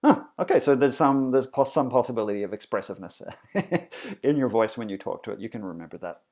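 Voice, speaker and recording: A man's voice: mid-range voice, animated, fast talker, a little mellow. A man teaching a coding lesson in a casual, explanatory way, with frequent fillers and self-corrections. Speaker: instructor. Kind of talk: screencast coding tutorial.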